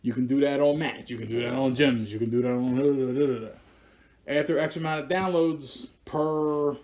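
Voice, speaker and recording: A man's voice: medium pitch, steady tone, moderate pace, darkish tone. A young man with a Philadelphia accent, co-hosting a podcast in loose, profane casual chat and laughing often. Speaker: podcast co-host.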